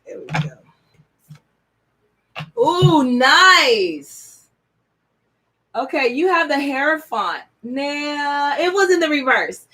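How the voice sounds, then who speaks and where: A woman reading tarot cards on a live stream, chatty and excitable, with casual slang. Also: high voice, slow, long pauses. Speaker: tarot reader.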